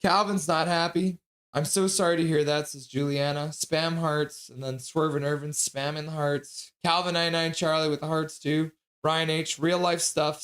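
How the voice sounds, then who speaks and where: A man hosting a hockey livestream, reading viewers' chat messages aloud and chatting back casually. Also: a little high.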